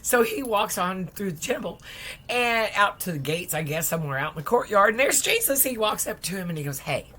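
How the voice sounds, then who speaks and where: A woman preacher retelling a Bible story in a lively, conversational sermon, dropping at times into soft whispers. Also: medium pitch, brisk. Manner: lively, acts out voices, drops to whispers.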